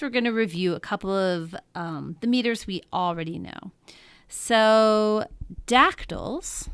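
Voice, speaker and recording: A woman teaching a lesson in a patient, explanatory way, often pausing to check in with her listeners. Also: mid-range voice, a bit bright, clean tone, no room sound. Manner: patient, explanatory, frequent "um" and "okay?" check-ins. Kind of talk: classroom lecture.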